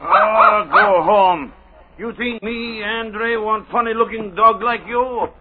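An actor playing an excitable woodsman speaking broken English, in 1940s radio acting. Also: high voice, takes it slowly, narrow, tinny audio. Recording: old radio broadcast, phone-thin, very noisy.

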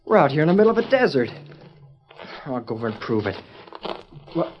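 An actor playing an eager young cowboy in a 1940s radio drama, talking to himself in excited, breathless exclamations. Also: male voice, fairly high pitch, a little fast, dull audio, faint music behind. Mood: urging.

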